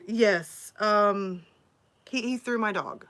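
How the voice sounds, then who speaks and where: A woman's voice: mid-range voice, big pitch swings, extremely slow, long pauses, fairly bright tone. Chatty woman telling stories. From Alabama. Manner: chatty, rambling storytelling. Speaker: story narrator and streamer. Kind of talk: casual livestream chat.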